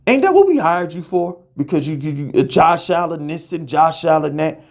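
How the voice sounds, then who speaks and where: A man in a heated, profane rant, firing off questions and tripping over repeated words. His voice sits high and swings wildly up and down as he vents. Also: animated, moderate pace, gravelly, a little mellow. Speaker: podcast host. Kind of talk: ranting fan commentary.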